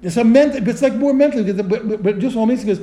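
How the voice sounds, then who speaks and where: A middle-aged man teaching a text study lesson, thinking aloud with many restarts and animated asides. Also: extremely high pitch, very fast, roomy sound. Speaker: Torah teacher.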